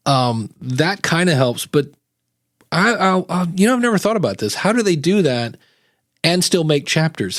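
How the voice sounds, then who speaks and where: A man's voice: mid-range voice, no room sound, clean studio sound. Chatty enthusiastic male podcast host. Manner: chatty, enthusiastic, tells little stories. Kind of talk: casual chat. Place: live-streamed podcast.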